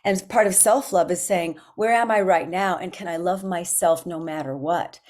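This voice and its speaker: A woman's voice: fairly low pitch, normal speed, darkish tone. A woman guest speaking in an earnest, encouraging way during a casual conversation. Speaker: guest coach.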